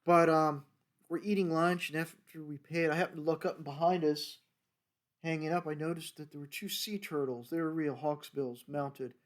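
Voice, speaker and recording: An older American man who once worked as a federal wildlife agent tells rambling stories from his career in a casual monologue, acting out dialogue in quoted voices. His voice is a little high, with fairly even intonation at normal speed.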